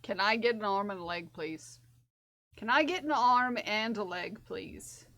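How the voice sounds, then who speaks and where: A woman's voice: medium pitch, unhurried, sharp tone. A woman streamer chatting casually while crocheting, repeating her own phrases to herself as she works.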